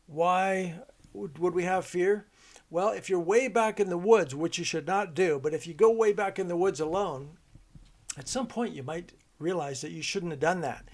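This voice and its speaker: Guy teaching commas with a hiking story, kinda high voice, chatty and rambling. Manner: storytelling teacher, loose and conversational, with many restarts. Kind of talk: homeschool grammar lesson.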